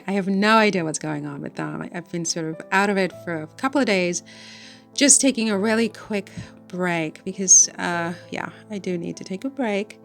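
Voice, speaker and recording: A woman's voice: on the low side, normal speed, creaky, faint music behind. A woman chatting to camera in a rambling vlog, laughing often between thoughts. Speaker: vlogger. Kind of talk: casual chat to camera. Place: home in France.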